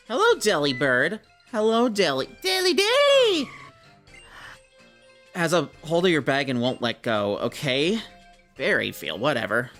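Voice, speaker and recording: A slightly hoarse young man from Minnesota, casually commenting on a game he plays and reading its dialogue aloud in playful voices. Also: medium pitch, fairly bright tone. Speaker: let's-play host.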